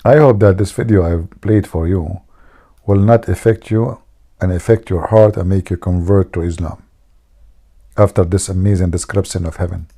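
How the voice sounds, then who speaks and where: A man's voice: deep voice, fairly even intonation, normal speed, mellow. A man hosting a live stream, teasing his viewers and telling jokes in a mocking way. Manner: mocking, teasing, jokey asides.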